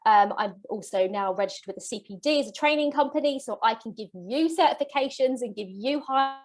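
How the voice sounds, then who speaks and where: A woman's voice: mid-range voice, vocal fry. A woman business coach giving an earnest, motivational masterclass, getting emotional as she talks. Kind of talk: live masterclass presentation.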